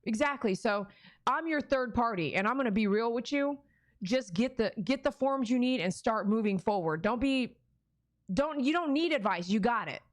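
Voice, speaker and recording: A woman's voice: fairly high pitch, animated, normal speed, dry recording, studio quality. A woman talking frankly on a live stream, reading viewers' comments aloud and answering them in a blunt, earnest and emotional way. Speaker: dog trainer streamer.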